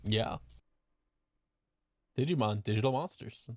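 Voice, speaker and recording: Brief: man, casual podcast co-host, mid pitch, profane, dry dead sound. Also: unhurried, dry recording. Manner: profane, bursts into loud mock-voiced quotes. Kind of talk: casual chat.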